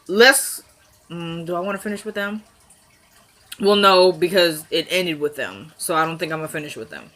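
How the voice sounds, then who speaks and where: A woman's voice: fairly low pitch, pushed and bright. A woman, sniffly, recapping a TV episode in a casual vlog, chatty, laughing and acting out quotes.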